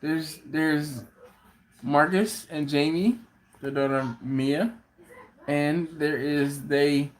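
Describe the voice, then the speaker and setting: Fairly high in pitch and steady in tone, a man fields questions on a live stream for his barbecue channel. His storytelling is leisurely and full of laughter, with quotes acted out.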